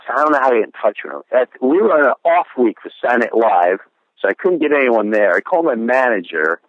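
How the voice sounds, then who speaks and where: A man's voice: medium pitch, big pitch swings, fast, no echo. A middle-aged man tells a story in an interview, sincere and reflective. He puts on voices for the people he quotes. His voice comes through a dry, narrow phone-like line. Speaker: comedian guest.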